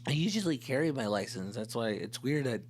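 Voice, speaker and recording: A male comedian hosting a podcast, telling a story in an animated, profane way and mixing in Spanish slang. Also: medium pitch, brisk, slight background noise.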